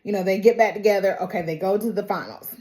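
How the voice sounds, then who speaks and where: A woman's voice: mid-range voice, fast. A woman vlogger chattily recapping a family movie, acting out the characters as she goes. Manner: chatty, animated, acts out characters.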